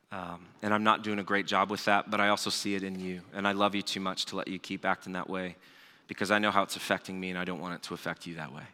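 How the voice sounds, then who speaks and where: Lowish bright-voiced man preaching in a hall. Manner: conversational storytelling with asides. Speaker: pastor. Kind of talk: sermon. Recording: long hall reverb.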